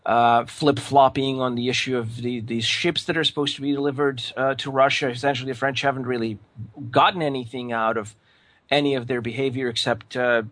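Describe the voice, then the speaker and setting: A man giving his political opinions in conversation, hesitant with many fillers and restarts, then rising into animated emphasis. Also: medium pitch, no room sound. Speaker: political commentator.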